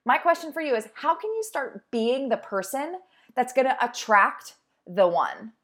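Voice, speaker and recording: Her high, sing-song voice moves a little slowly and carries a fairly bright tone. She's a young adult fitness instructor and host giving an encouraging, upbeat motivational monologue in a chatty style, voicing inner thoughts as characters.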